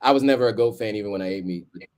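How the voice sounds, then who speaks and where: Rapid-fire and on the low side, this thirty-something streamer's voice keeps things relaxed as he hosts his live stream. He laughs easily and fills his casual chat with lots of ums.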